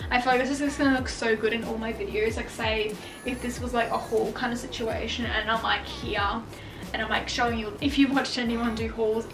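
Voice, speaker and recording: A young woman, a fashion vlogger, chatting excitedly in her bedroom with lots of fillers. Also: a little high, fairly quick. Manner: gushing, filler-heavy, excitable. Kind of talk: casual vlog chat. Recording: echoey room, far from mic, music behind.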